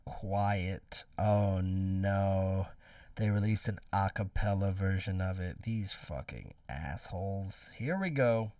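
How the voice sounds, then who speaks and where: A man's voice: deep voice, takes it slowly, dry recording, recorded from a distance. Man, casual music commentary, rambling, profane, dry sound, slightly off-mic. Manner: rambling, swears, animated. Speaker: music reviewer streamer.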